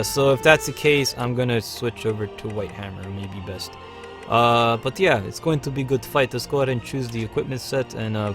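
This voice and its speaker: Upbeat male streamer, loose talky game commentary, soft music bed. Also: medium pitch. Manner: chatty, upbeat, frequent fillers. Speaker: livestream host. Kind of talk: live gameplay commentary.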